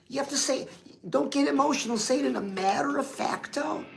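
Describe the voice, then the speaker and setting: Sassy high-voiced woman with gravelly edge. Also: fairly quick, low-quality recording. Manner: sassy, coaching, calls listeners "girl". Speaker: host. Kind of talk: livestream pep talk.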